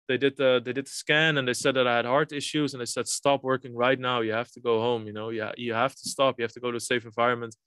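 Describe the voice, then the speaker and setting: A man's voice: mid-range voice, a bit bright, smooth, no echo, studio quality. A man, a podcast guest telling a personal story in a rambling way, swearing and restarting. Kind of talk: casual storytelling.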